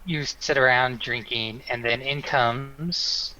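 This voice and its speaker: A man narrating a tabletop game as game master, halting often with "uh"s. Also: medium pitch, steady tone, pushed and bright, slight background noise. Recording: dull lo-fi recording.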